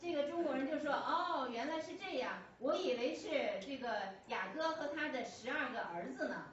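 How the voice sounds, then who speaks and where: A woman's voice: sits high, animated, normal speed, a bit bright. Woman interpreting a sermon in church. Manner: hesitant, frequent fillers and restarts. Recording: echoey church hall, distant mic, dull lo-fi, faint hum.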